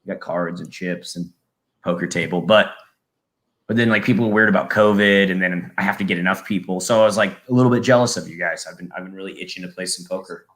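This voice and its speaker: A man's voice: low voice, steady tone, fast talker, a bit bright. A man on a live podcast over a video call, rambling and often restarting his sentences. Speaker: podcast guest. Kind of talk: casual live podcast chat.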